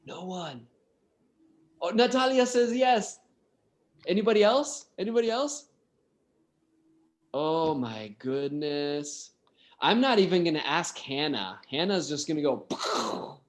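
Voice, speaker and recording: Slow-speaking male English teacher. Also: fairly high pitch, lively intonation. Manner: slow, encouraging, asks students questions. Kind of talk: online class teaching.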